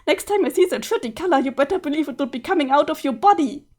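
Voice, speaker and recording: A woman's voice: sits high, expressive, fast talker. A woman doing a furious ranting young troll. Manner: loud, ranting, sweary. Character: furious foul-mouthed young male troll, always yelling.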